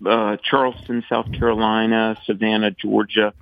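A man from the American South with a Southern accent, a radio guest telling lively anecdotes. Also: lowish voice, moderate pace, dry recording, highs cut off. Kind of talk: storytelling on radio.

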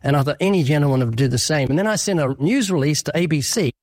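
A man talking fast as a guest on a radio interview, telling stories. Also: a little high, a little mellow, no echo.

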